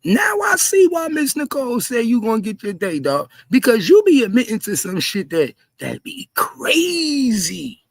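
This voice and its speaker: A man doing heated livestream commentary, repeating himself in disbelief and often shouting. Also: very high voice, wildly swooping pitch, unhurried, hardly any pauses, no room sound. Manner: repetitive, incredulous, frequently shouting. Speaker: commentary streamer.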